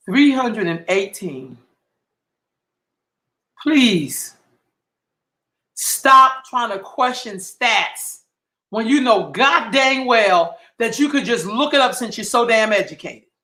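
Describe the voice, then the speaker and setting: A man's voice: high voice, expressive, slow pace, long pauses, sharp tone, roomy sound. A man hosting a livestream, delivering an impassioned, heated monologue full of profanity and emphatic repetition. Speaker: livestream host.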